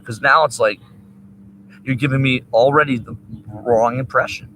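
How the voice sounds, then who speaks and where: A man talking while high, rambling and swearing in a loose monologue outdoors. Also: fairly even intonation, moderate pace, fairly bright tone, slight background noise, low-quality recording. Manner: rambling, profane, laughing asides. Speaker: vlogger.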